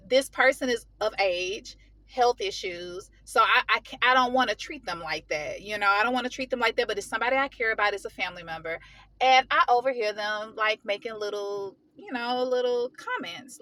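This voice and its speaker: Woman vlogger, bright forceful voice, dry close sound, slangy, heated storytelling. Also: a little high, normal speed, no echo. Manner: animated, venting, heated; casual, slangy. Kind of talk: casual storytelling vlog.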